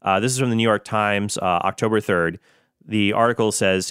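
A man with a fairly low, smooth and resonant voice talks through a case on his solo show. He sounds earnest and explanatory, now and then turning sarcastic. The sound is dry and close to the mic. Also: steady tone, moderate pace, a bit bright, dry recording. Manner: earnest, explanatory, with bursts of sarcasm and mock British impressions. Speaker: Catholic apologetics show host.

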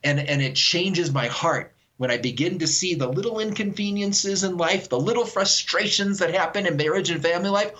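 A man speaking as a guest author on a call-in radio interview, earnest and animated, often repeating words as he thinks aloud. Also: high voice, moderate pace, few pauses.

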